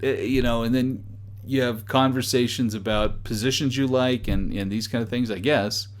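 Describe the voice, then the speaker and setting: A man's voice: medium pitch, fairly even intonation, normal speed. A man giving casual, amused commentary as a dating site reviewer, with wry sarcastic asides. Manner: amused, chuckling between remarks.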